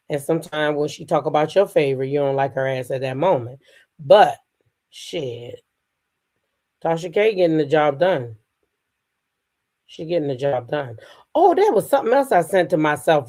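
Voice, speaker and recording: Low-pitched and mellow, this woman's voice carries a casual gossip commentary show where she talks straight to the audience. She comes across as blunt, sassy and profane.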